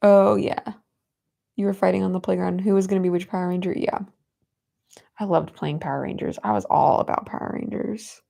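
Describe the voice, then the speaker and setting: Chatty young woman with a gravelly edge. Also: fairly low pitch, steady tone, brisk. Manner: chatty, giggly, coos softly at her cat. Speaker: livestream host. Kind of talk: casual live chat reading comments. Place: home.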